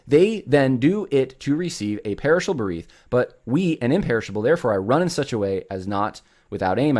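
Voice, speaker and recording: Animated man hosting a rambling monologue. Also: mid-range voice. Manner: rambling, many restarts and fillers, speaks to listeners directly. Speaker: show host. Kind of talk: casual commentary monologue.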